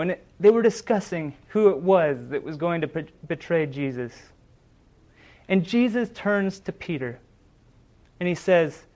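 High-voiced man preaching a sermon. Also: darkish tone. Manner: earnest, dramatic retelling of scripture with emphatic quoted lines.

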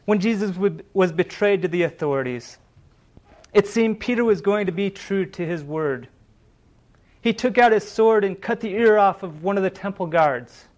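High-voiced man preaching a sermon. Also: normal speed, a little mellow. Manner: earnest, dramatic retelling of scripture with emphatic quoted lines.

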